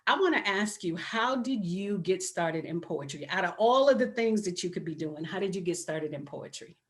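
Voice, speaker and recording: Excitable woman hosting a talk show. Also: lowish voice. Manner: effusive, excitable, drawn-out welcomes. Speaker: host. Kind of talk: enthusiastic show intro and interview.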